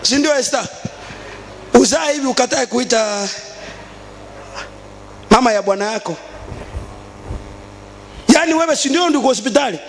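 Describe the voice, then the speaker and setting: A Kenyan bishop preaching in a very high voice, rising into shouted and sing-song passages. He mixes Swahili with English. A faint hiss sits under the recording. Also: animated, moderate pace, vocal fry, pauses often, long reverb tail. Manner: switches between Swahili and English. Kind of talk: sermon.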